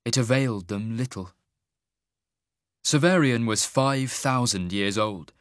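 A man narrating a fantasy audiobook in a measured, even storytelling manner. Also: medium pitch, no room sound, clean studio sound.

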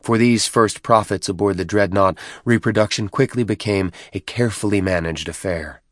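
A man with a fairly low voice narrates a novel in a measured, even way. The recording is dry and close, with no room sound. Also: dry recording. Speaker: audiobook narrator. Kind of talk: scripted narration.

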